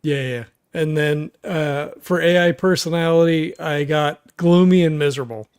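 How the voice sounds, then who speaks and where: A man chatting casually as a tabletop game player, his voice sitting slightly high. He works ideas out aloud in halting, stop-start phrases. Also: darkish tone, clear, resonant tone. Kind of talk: casual chat.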